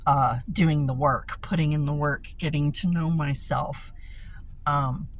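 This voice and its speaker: A woman's voice: sits low, steady tone, measured pace, a little hiss or hum, rough recording. A tired middle-aged woman venting in a rambling, profane monologue from inside a car, recorded on a phone. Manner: rambling, profane, laughs between thoughts. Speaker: vlogger.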